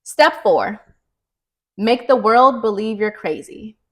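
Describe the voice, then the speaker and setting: Slightly high-voiced and taking her time, a young woman co-hosts a podcast and retells a thriller's plot. Despite the unhurried pace, she's chatty and animated in this casual book recap, with frequent "like" fillers.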